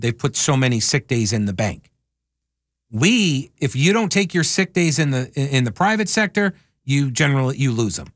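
A man's voice: medium pitch, no echo, studio quality. Wry male talk radio host. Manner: wry, sarcastic asides. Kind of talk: casual talk radio monologue. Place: radio studio.

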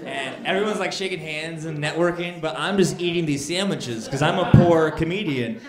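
Guy doing stand-up in a club, slightly high voice, echoey room, lots of crowd laughs. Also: moderate pace. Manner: animated, acts out scenes with rising outbursts. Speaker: stand-up comedian. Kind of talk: stand-up storytelling. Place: comedy club stage. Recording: roomy club with laughing audience.

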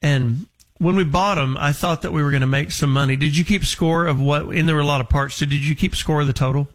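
A man hosting a radio show, telling a story to a caller in quick, chatty talk. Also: on the high side, fairly even intonation. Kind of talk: casual radio chat.

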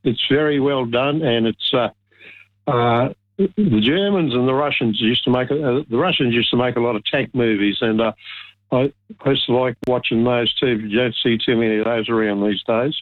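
A man's voice: mid-range voice, normal speed, no echo. A man calling a radio show, hesitant but opinionated as he talks. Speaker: caller. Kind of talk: radio call-in. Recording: dry tinny phone line.

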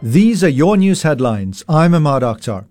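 A man reading a radio news bulletin in a measured, formal way. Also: on the high side, very animated, darkish tone, soft background music. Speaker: newsreader. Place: radio studio.

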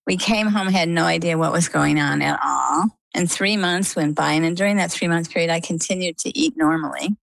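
A middle-aged woman from Maine, an interview guest telling her story in a lively way and acting out the dialogue. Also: lowish voice, a little fast, vocal fry, hardly any pauses, no room sound, poor audio. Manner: animated storyteller, acts out quoted dialogue.

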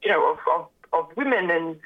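A guest calling in to a podcast, their mid-pitched voice squeezed into a thin, tinny phone line. They hesitate often, circling through ums and restarts before landing on a point. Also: expressive, brisk. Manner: hesitant, many fillers and restarts. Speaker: community organisation representative, guest. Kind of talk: phone interview.

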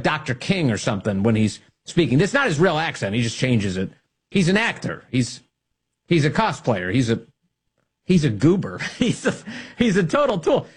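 A man's voice: medium pitch, slightly rough. A man hosting a talk radio show, delivering a sarcastic, mocking monologue and laughing at his own jokes.

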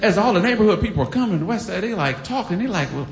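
A man's voice: high voice, fast talker. A man from Detroit telling a funny personal story on stage, acting out the voices of the people in it. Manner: animated, acts out quoted voices, laughing. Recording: echoey hall.

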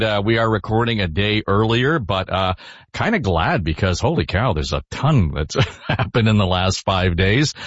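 A man hosting a political panel podcast, chatty and relaxed, pausing with fillers. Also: on the low side, no echo. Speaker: podcast host. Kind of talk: casual panel chat. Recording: dull, dry studio sound.

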